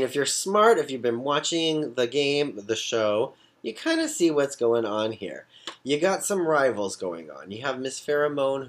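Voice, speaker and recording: A man giving a casual, gossipy recap of a reality competition, with sassy asides. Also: mid-range voice.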